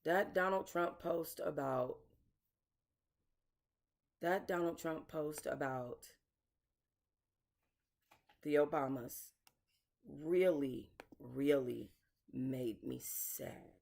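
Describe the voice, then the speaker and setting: A woman's voice: low voice, extremely slow, gravelly, long pauses, darkish tone. A woman hosting casual commentary, talking bluntly and emotionally to her viewers, swearing and calling them y'all. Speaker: commentary channel host.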